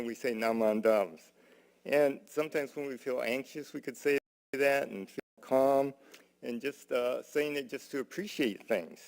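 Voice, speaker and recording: A man giving a gentle, folksy Dharma talk in a temple, telling a story with many "uh"s and "you know"s. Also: mid-range voice, vocal fry. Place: temple hall.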